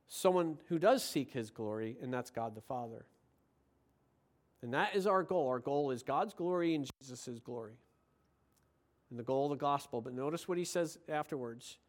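High-voiced, passionate male preacher. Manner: passionate, swings from quiet to excited. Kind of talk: sermon.

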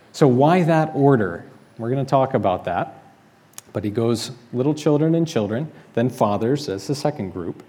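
Male pastor, mellow and warm tone, relaxed conversational preaching that asks questions and explains. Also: medium pitch. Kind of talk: sermon. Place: church sanctuary.

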